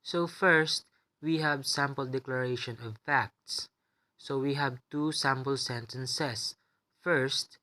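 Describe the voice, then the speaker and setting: A man presenting a lesson on English intonation patterns, explaining each step slowly and carefully. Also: medium pitch, fairly even intonation, sharp tone. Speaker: student presenter.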